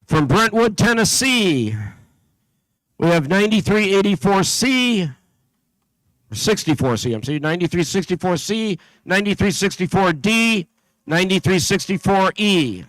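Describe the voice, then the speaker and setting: High-voiced man announcing teams. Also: expressive, measured pace, fairly bright tone, no room sound, rough recording. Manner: reads a list steadily, with small slips and asides. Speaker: event announcer. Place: event venue.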